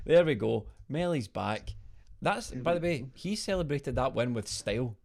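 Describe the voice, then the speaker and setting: Lively Scottish man hosting a fan stream. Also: mid-range voice, a little slow, gravelly. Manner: jokey, laughs often, Scottish slang. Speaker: podcast co-host. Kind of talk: lively live-stream banter. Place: home video call.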